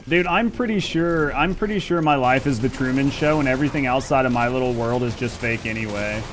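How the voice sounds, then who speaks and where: A man with a Midwestern accent talks loosely to his chat while he plays, repeating himself and cursing in an easy, unhurried way. His voice sits in an ordinary middle pitch. Faint game gunfire runs underneath. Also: slight background noise. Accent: Midwestern American. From Indiana. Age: over 30. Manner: laid-back, rambling, swears a lot. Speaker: streamer. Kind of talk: casual live-stream chat.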